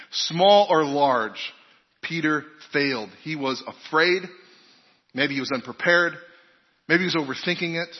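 This pastor's voice is husky and fairly high as he leads a conversational sermon, drawing in the congregation with questions and personal tales. A long hall reverb hangs over the dull recording.

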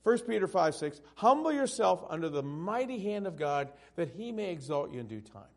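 A male pastor preaching a sermon, swinging from loud, emphatic peaks down to hushed, tender passages. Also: high-pitched, very animated, moderate pace.

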